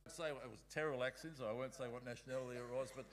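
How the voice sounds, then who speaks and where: Man teaching a bible class, chatty, reads bits of scripture out loud. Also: medium pitch, steady tone, very fast. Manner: conversational, reads passages aloud. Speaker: Bible school speaker.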